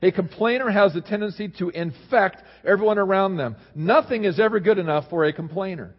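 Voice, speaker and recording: A man preaching a sermon as pastor, swinging between lively emphasis and low, quiet asides. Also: fairly quick, slightly rough. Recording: dull sound in a reverberant hall.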